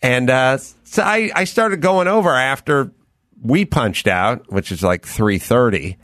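A man's voice: mid-range voice, animated, unhurried, a bit bright, no room sound. A middle-aged man hosting a podcast, quoting his own thoughts in a self-deprecating way. His voice rises and falls a lot, and the close mic sounds dry. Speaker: podcast host. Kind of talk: casual storytelling chat.

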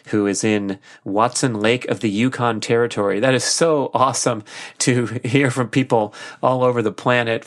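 A middle-aged man hosting a podcast alone, talking casually and enthusiastically with frequent fillers. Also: mid-range voice. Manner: enthusiastic, chatty, many fillers. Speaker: podcast host. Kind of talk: casual solo podcast monologue.

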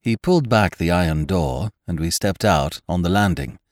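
Narrator: a man with a low voice and lively inflection, for a dry, close audiobook read. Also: moderate pace, no echo. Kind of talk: scripted story narration.

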